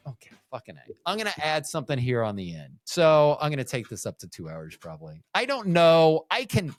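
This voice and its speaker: Rambling man with lively pitch. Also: a little fast, few pauses, soft background music. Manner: rambling, jokey, self-amused, many restarts and asides. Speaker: podcast host. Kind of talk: rambling solo podcast talk.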